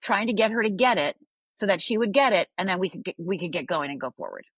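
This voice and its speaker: A woman's voice: mid-range voice, fast talker, husky, no room sound. A woman coach on a podcast interview, telling a story animatedly and often adding "right?". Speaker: life coach guest.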